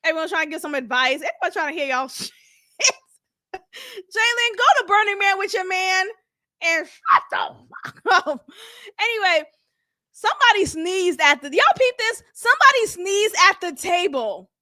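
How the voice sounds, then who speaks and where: A young woman with a high, bright voice recaps a reality show in a casual, sassy way. She is blunt and laughs in asides. The sound is dry and close. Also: animated, moderate pace, dry recording. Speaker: reality TV reviewer.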